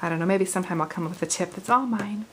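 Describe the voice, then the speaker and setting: A woman in her forties hosting a casual card-making tutorial, chatty and quick to laugh as she talks through her work. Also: mid-range voice, a little hiss or hum, rough recording. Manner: chatty, laughs easily, thinks aloud while working. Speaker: craft video host.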